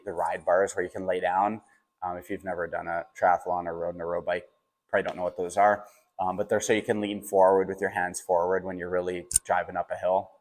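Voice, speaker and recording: A young man telling a personal story in a casual, animated way, with lots of fillers and quoted dialogue. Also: sits low.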